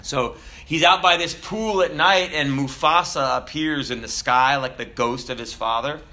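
A man's voice: unhurried, bright, forceful tone. A male pastor preaching a sermon in a conversational way, with joking asides, who builds to emphatic preaching. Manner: rises to emphatic, higher-pitched preaching.

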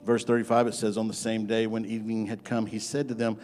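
A man preaching a sermon as pastor, moving from soft, low asides to loud, rising exhortation. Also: little pitch movement, fast, few pauses, soft background music.

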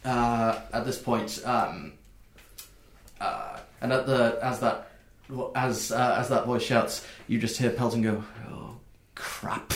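Brief: unhurried man running a tabletop game, echoey room. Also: mid-range voice, steady tone. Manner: halting, many fillers, descriptive. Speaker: game master.

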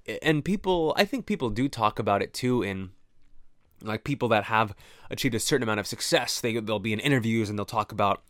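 A man's voice: fairly low pitch, animated, brisk, fairly bright tone, no echo, studio quality. A man talking to camera in a rambling, profane, reflective monologue that keeps interrupting itself. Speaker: vlogger. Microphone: camera mic, close.

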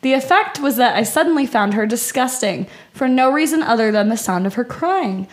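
A woman's voice: fairly high pitch, animated, fairly quick. A woman co-hosting a podcast, reading a creepy first-person story aloud and breaking off to chat, laughing and swearing casually.

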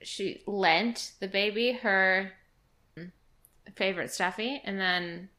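A woman's voice: mid-range voice, takes it slowly. A woman co-hosting a podcast, chatting casually and joking. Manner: lively, joking. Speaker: podcast co-host. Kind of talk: casual chat.

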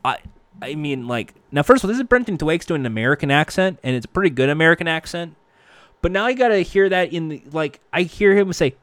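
A man's voice: fairly high pitch, animated, normal speed, no room sound. A man casually recapping a show with jokey, profane, self-mocking asides.

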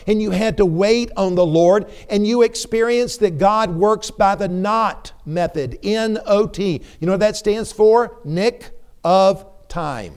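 Middle-aged male preacher, emphatic and questioning, smooth clear tone. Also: sits high, unhurried, a little mellow. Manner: emphatic, repeats words for emphasis, asks the congregation questions. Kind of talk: sermon.

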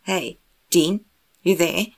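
A woman voicing a man phoning his brother, talking quickly in a raised, keyed-up voice. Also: lowish voice, steady tone. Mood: urgent. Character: younger brother on the phone, urgent, man.

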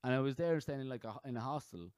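A man in his thirties hosting a podcast in casual chat, rambling and halting with frequent restarts. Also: mid-range voice, a little mellow, clean tone, no echo. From Ireland. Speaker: podcast host.

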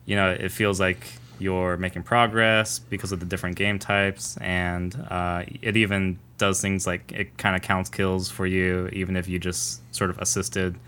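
A man with a deep, smooth, resonant voice co-hosts a casual gaming podcast. He speaks with a flat, steady melody, measured and thoughtful, pausing often on ums. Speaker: podcast co-host.

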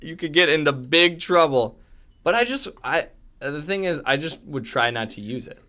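A young man co-hosting a casual podcast, easygoing and quick to laugh. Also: fairly high pitch, animated, bright, forceful tone. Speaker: podcast co-host. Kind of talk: casual chat.

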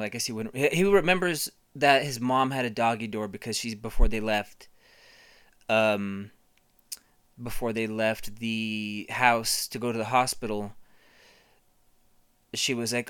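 A comedian telling a rambling, profane improvised story in a deadpan way. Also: mid-range voice, clean tone, dry recording, clean studio sound.

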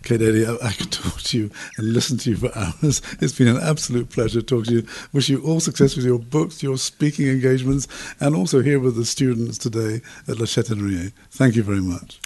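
Husky male radio interviewer. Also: mid-range voice, a little fast, few pauses. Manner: warm, appreciative, brief interjections. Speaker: interviewer host.

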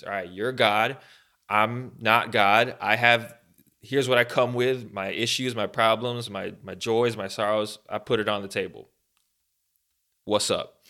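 Man, low gravelly voice, bright tone, casual podcast co-host, rambling. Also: normal speed. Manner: rambling, animated, many fillers. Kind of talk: casual faith chat.

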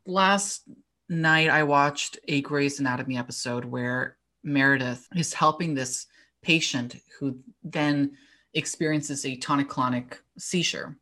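A man in casual chat who talks in quick bursts and trips over his words, repeating his starts. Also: mid-range voice, bright, forceful tone.

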